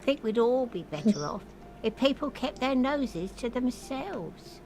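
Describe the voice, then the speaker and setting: A woman's voice: a little high, lively intonation, unhurried, vocal fry, crowd noise. An actress voicing a guarded, grumbling townswoman in a video game, who talks in curt mutters.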